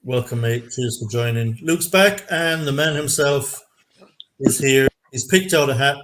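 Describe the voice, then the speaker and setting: An Irish man with a mid-range voice hosts a relaxed live chat show. He talks in an easygoing way and jokes with his guests. He sounds like he is speaking into a video call mic. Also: medium pitch, measured pace, slight background noise. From Ireland. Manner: easygoing, joking banter with guests. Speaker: host of a fan livestream show. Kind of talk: casual chat.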